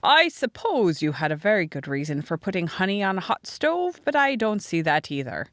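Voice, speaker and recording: A woman's voice: medium pitch, very animated, normal speed, no room sound, lightly acted. A woman reading the part of a kindly, dry-humored older handyman in an audiobook. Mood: wry. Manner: dry, matter-of-fact grumbling.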